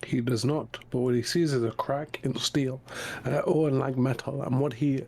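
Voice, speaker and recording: A man playing a tabletop game, talking haltingly while searching for words. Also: medium pitch, fairly even intonation, gravelly, a little mellow, slightly rough. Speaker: player.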